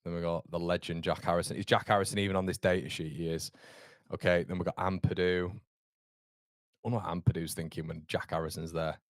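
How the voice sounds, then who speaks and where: A low-pitched man hosts a live football watchalong, talking to his chat in a loose, rambling way. He laughs easily and jumps between thoughts. His voice is close and dry, with no room sound. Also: level tone, fairly quick, dry recording. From York, England. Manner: chatty, rambling, laughs often. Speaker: watchalong host.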